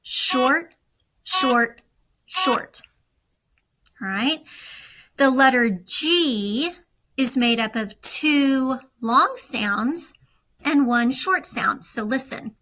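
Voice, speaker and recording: Slow, bright-voiced woman teaching. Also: high voice, expressive, noisy background. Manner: slow, deliberate, instructive. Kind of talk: recorded classroom lesson.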